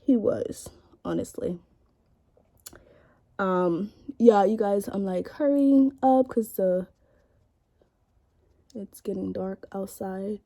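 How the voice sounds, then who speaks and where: A woman's voice: medium pitch, takes it slowly, gravelly, long pauses, mellow. A young woman telling a rambling, profane story in a casual makeup vlog, recorded indoors at home on a camera in front of her. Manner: chatty, profane, rambling, with many likes. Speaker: beauty vlogger.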